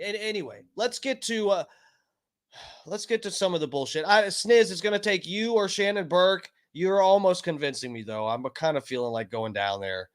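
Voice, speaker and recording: Profane, rambling man streaming from home. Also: fairly high pitch. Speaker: livestream host. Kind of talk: casual livestream rant.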